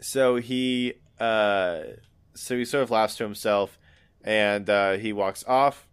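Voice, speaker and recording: Man game master, halting narration, smooth voice, dry sound. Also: lowish voice, steady tone, no room sound. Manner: halting, many fillers.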